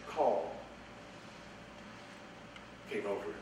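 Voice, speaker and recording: Animated preacher in an echoey hall. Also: male voice, mid-range voice, a little slow. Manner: animated, repeats words, voice swings from hushed to raised. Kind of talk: sermon. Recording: echoey room, voice from far off, faint noise.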